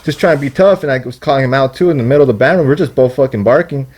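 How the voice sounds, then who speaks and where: Young man, quick talker, casual storytelling, profane and rambling. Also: medium pitch, darkish tone. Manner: rambling, profane, acts out quotes. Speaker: podcast guest.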